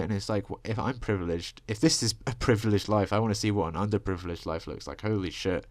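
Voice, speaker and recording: A man's voice: deep voice, fast, hardly any pauses, no room sound. A young man ranting in a rambling personal monologue, profane and full of fillers, into a desk microphone. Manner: ranting, profane, filler-heavy with frequent "like" and "you know". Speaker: vlogger.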